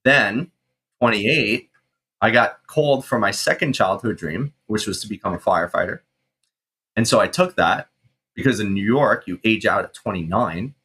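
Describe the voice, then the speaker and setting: A man in his thirties, a guest on an interview show, telling his story casually with swearing and animated reenactments of his past self. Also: on the low side, normal speed. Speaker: guest, mindset coach and firefighter.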